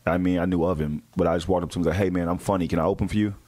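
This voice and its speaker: Fast-talking low-voiced man, animated storyteller. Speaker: comedian guest. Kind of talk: casual interview chat.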